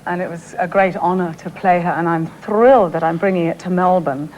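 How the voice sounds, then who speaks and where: Effusive theatrical actress. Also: female voice, on the low side, a little fast, darkish tone, slight background noise, rough recording. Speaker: stage actress, guest. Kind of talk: talk-show chat.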